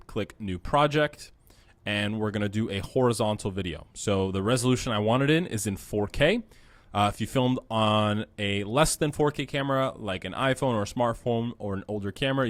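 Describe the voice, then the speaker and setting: A young course instructor casually walks through a screen-recorded video editing tutorial, practical in tone and heavy on fillers. He speaks into a close mic in a lowish, slightly bright voice, and the recording is dry.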